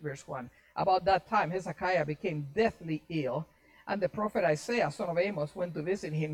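Animated preacher repeating lines for emphasis. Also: medium pitch, poor audio. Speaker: pastor. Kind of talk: sermon.

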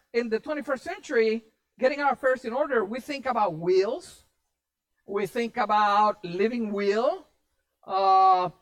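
Animated preacher repeating lines for emphasis. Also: medium pitch, poor audio. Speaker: pastor. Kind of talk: sermon.

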